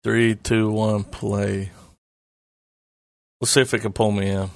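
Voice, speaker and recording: A man's voice: lowish voice, little pitch movement, slow pace, gravelly, dry recording, studio quality. A man hosting a casual podcast, rambling loosely and swearing as he talks. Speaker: podcast host. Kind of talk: casual chat.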